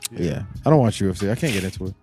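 A man with a warm, darker tone riffs and teases his co-hosts in a relaxed podcast chat. He swears freely and keeps things loose. Faint music plays underneath. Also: on the low side, racing. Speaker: podcast co-host. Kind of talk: casual chat.

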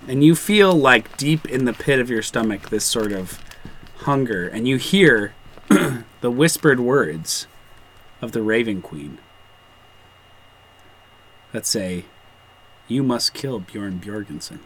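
A man narrating a tabletop game as game master, playful and halting, with many fillers. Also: mid-range voice, animated, fairly bright tone, low-quality recording.

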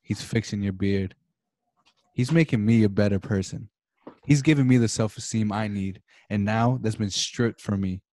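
On a casual video call, a young podcast co-host delivers theatrical rants of mock passion, swearing heavily throughout. He speaks at a moderate pace in a lowish, dark-toned voice, captured in a dry, clean studio recording.

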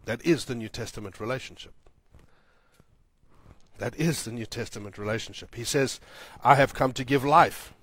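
A man preaching a sermon as pastor, repeating lines for emphasis, building loud and high, then dropping soft and low. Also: husky. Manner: swells louder and higher when building to a point, then drops soft and low.

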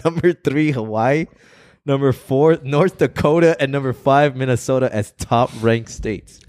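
A man's voice: mid-range voice, unhurried, a little mellow. A man co-hosting a podcast in loose, profane casual chat, laughing between lines. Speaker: podcast co-host.

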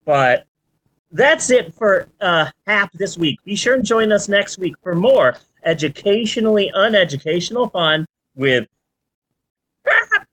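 A podcast host in their forties in casual chat, animated and swearing freely. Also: mid-range voice, measured pace, rough recording. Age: 40s.

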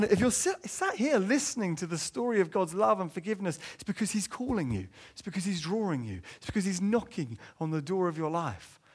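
A man from England preaching a sermon in church, earnest, sometimes dropping low and soft to press a point. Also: husky. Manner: earnest, rises high for quoted inner voices, drops low and soft to stress points.

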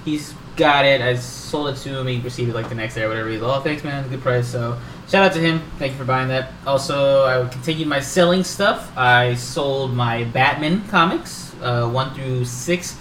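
A man's voice: mid-range voice, moderate pace, a little hiss or hum. Guy rambling on a podcast, acts out what people said, swears a lot, roomy echo, sounds a bit far from the mic. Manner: animated storytelling, acts out quotes, swears, laughs often. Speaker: podcast co-host. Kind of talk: casual chat about collectibles.

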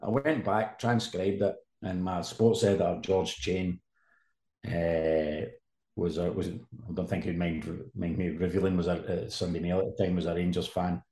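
A man's voice: sits low, level tone, normal speed, dark tone. A man, a sports journalist telling a rambling story as a guest. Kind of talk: casual anecdote telling. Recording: roomy echo.

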